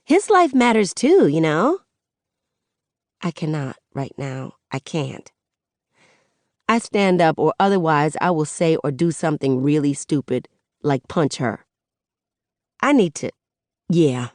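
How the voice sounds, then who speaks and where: A woman reading a first-person audiobook in a measured, expressive way. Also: low voice, no echo, clean studio sound. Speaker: audiobook narrator.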